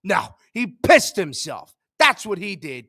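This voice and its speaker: Man, sports show host, high voice, animated swings, ranting. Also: takes it slowly, no echo, studio quality. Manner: ranting, swings from loud outbursts to low mutters. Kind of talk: frustrated sports rant.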